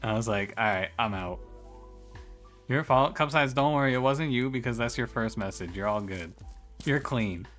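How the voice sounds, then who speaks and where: A man with a bright, forward voice chats loosely with his viewers while he plays, cursing casually and laughing between thoughts. Faint music sits under his talk. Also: medium pitch, normal speed. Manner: chatty, swears freely, laughs while talking to chat. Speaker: game streamer. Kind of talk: casual live-stream chat.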